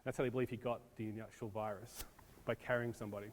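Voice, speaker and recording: A man from the United States lectures a room, chatty and loose, dropping plenty of ums between points. His voice sits at an ordinary pitch. The sound carries a long reverb from a large hall. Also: little pitch movement, fast. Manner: casual, talks to audience, many ums. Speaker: disaster preparedness presenter. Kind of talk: classroom lecture.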